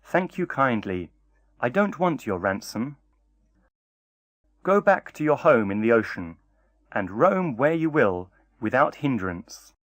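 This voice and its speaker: A man's voice: medium pitch, very animated, slow, pauses often, dry recording, clean studio sound. A man voicing a humble, timid old fisherman in a storybook, speaking meekly and politely. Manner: meek and polite.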